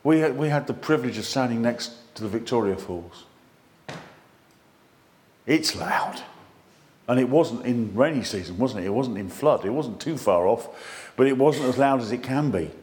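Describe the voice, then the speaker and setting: A man preaching a sermon in an excitable, animated way, with self-deprecating humour. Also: medium pitch, moderate pace.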